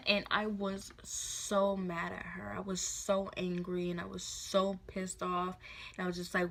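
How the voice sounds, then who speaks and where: A woman in her twenties telling a personal story to her phone camera, soft and halting with many fillers. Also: fairly low pitch, steady tone. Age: 20s. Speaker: vlogger.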